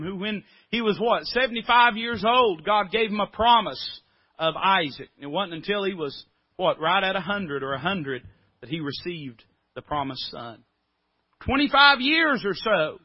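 A man preaching with emphasis, his voice rising loud and then dropping low. He sits on the higher side for a man. The recording is dry and a little dull. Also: no echo. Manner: emphatic, swings from loud to quiet. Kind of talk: sermon.

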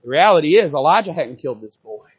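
A pastor preaching a fervent sermon in a church, addressing his congregation directly and rising and falling sharply in pitch and loudness. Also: very animated, quick pace, breathy edge. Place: church sanctuary.

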